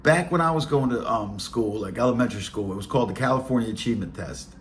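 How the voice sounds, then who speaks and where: A man's voice: medium pitch, quick pace, slight background noise. A man in his late forties with a Baltimore accent, telling rambling streetwise stories in a blunt, casual way. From Baltimore, Maryland. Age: 40s. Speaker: podcast host. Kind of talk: casual storytelling monologue.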